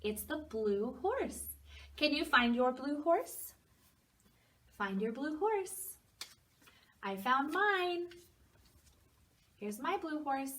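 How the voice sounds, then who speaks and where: A woman who teaches preschool, leading young children through a story lesson in a gentle, encouraging voice with sing-song phrasing. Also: sits high, big pitch swings, takes it slowly, long pauses, distant mic.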